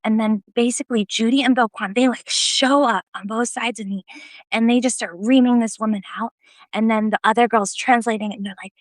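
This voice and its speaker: A woman telling a personal story in a casual live video, animated and self-deprecating, often laughing. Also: a little high, fairly quick, dry recording. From United States.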